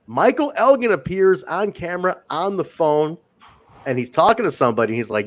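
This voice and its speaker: A man with a fairly high, sing-song voice talks at a normal pace. He hosts a wrestling podcast, chatting casually, swearing now and then, and reading out viewer comments.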